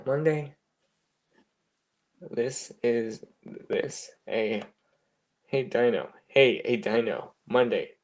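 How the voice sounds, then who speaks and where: A man voicing a goofy male robot with a mock Italian accent, talking loud, halting and playful. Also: mid-range voice.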